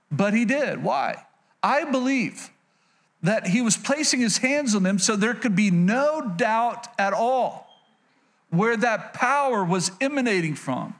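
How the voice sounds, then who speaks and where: A man with a notably high voice preaches to his congregation with real energy. He reads scripture, then slips into playful asides and calls out for an amen. The sound has the feel of a church service. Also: expressive, slow pace, fairly bright tone. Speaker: pastor. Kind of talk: sermon.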